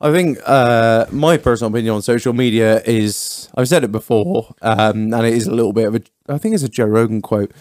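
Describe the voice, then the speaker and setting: A man's voice: medium pitch, brisk, few pauses, no room sound, clean studio sound. A man co-hosting a drunken podcast chat, crude and laughing as he tells stories. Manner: crude, laughing, lively storyteller. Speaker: podcast co-host. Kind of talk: drunk casual banter.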